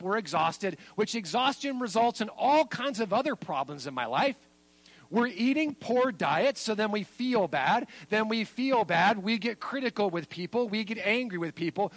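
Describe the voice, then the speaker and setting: A man preaching a sermon as pastor, making points with lively emphasis. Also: gravelly, rough recording. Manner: lively and emphatic, then soft and low at the close.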